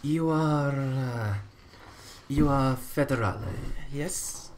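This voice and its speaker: Guy doing a wary sicilian dude in a hat, slow and careful, keyboard clacking behind. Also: medium pitch, darkish tone, lightly acted. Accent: Sicilian, deliberately bad. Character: suspicious Sicilian man in a hat. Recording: noisy with keyboard clicks.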